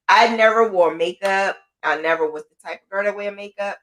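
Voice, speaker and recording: A woman's voice: medium pitch, a little fast, hardly any pauses, fairly bright tone. A woman hosting a podcast, telling her own story in casual talk and often repeating phrases for emphasis. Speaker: podcast host.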